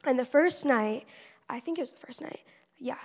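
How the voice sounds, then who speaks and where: A woman's voice: high-pitched, normal speed, a little mellow. A teenage girl giving an earnest, conversational faith testimony at church, with many casual fillers. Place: church hall. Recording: long church-hall reverb.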